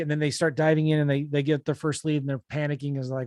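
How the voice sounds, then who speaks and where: A fairly high-voiced man talks through business coaching in a lively, conversational way. He slips into little acted-out quotes of other people's worries. The sound is close and dry, with no room around it. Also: fast talker, dry recording. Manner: animated, acts out people's thoughts in quotes. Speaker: real estate investing coach and show host.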